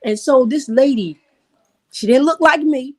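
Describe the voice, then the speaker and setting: A middle-aged woman co-hosting a casual talk show, telling candid stories in relaxed Southern American phrasing. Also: high-pitched, unhurried. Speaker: podcast co-host. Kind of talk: casual conversation.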